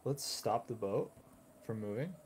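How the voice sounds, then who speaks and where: A man's voice: on the low side, measured pace, darkish tone, a little hiss or hum. A man playing a tabletop game, speaking hesitantly and thoughtfully with many fillers. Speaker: player.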